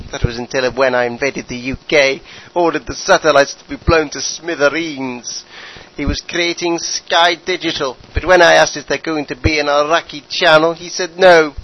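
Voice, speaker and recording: A man's voice: a little high, fairly bright tone, natural voice, rough recording. A man voicing a pompous, bumbling dictator who addresses his troops with grand speeches. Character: pompous bumbling male dictator, middle-aged.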